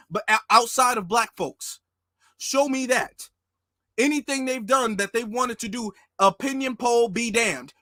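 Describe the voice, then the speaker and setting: Man, emphatic fiery monologue, high pitched, bright tense tone. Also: no room sound, clean studio sound. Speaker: political commentary host. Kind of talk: casual monologue commentary.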